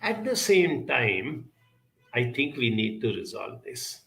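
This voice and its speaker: A man answers audience questions in an earnest, measured advisory talk and stacks up his points one after another. His voice is bright and edged with a gravelly rasp. The sound carries a noticeable room echo. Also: medium pitch, very animated. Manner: measured, earnest, builds lists with many pauses and fillers. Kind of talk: advisory talk on relationships and emotions. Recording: echoey room.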